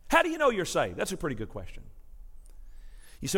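A man preaching a sermon, telling a folksy story to his congregation in a lively, animated way. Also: high-pitched, brisk. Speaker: pastor. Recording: preached in a reverberant sanctuary.

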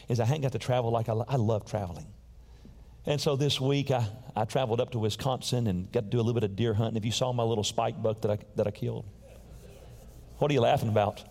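A man preaching a sermon and telling personal stories in a folksy, emphatic way. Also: mid-range voice. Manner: folksy, emphatic, repeats words when excited. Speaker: pastor. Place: large church sanctuary. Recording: long hall reverb in a church.

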